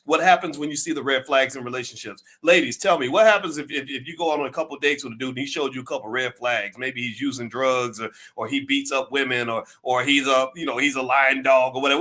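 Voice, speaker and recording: A man giving an emphatic, preachy talk on finance, firing rhetorical questions and rising to near-shouts. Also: medium pitch, fast, hardly any pauses. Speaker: finance commentator.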